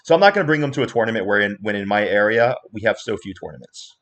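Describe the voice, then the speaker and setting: Chatty, animated male livestream host. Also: lowish voice, rapid-fire. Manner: animated, chatty, laughs easily. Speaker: host and coach. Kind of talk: casual livestream chat.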